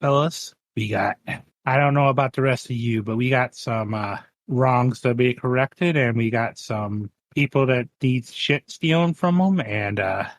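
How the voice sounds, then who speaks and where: A man's voice: medium pitch, measured pace, no echo, natural voice. A man playing a bitter, down-on-his-luck young rogue. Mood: wry. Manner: rambling, wry, self-mocking.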